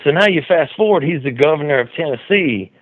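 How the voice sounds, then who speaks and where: A man hosts a call-in show in a rambling, excitable way, tripping over his words as he builds a story. His voice is dry and close, with no room sound. The audio is a bit dull and lo-fi, like a home podcast rig. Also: a little high, fairly quick, dry recording. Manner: loose, excitable storytelling with many restarts and "dude". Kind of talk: casual rambling commentary. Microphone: studio mic with mixer.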